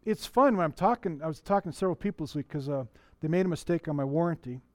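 Speaking fast, a middle-aged male pastor delivers an easygoing sermon in church, putting questions to the congregation and often restarting his sentences. His voice is a little high for a man, and the sound is dry and close with little echo.

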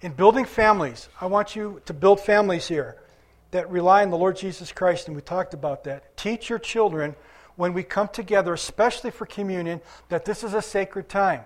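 High-voiced man preaching to a congregation. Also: moderate pace. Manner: conversational preaching, quizzing the congregation. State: recovering from illness. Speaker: pastor. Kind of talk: sermon.

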